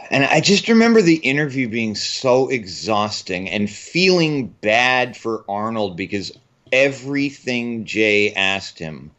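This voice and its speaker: A man's voice: medium pitch, sing-song, takes it slowly, fairly bright tone. A man co-hosting a film podcast in casual chat, wry and rambling as he tells stories. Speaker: podcast co-host.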